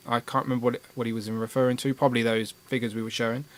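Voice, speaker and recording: A man's voice: mid-range voice, level tone, rapid-fire. A man hosting a casual live stream about toys, joking and reading out viewer comments. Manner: jokey, reads out viewer comments. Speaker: livestream host.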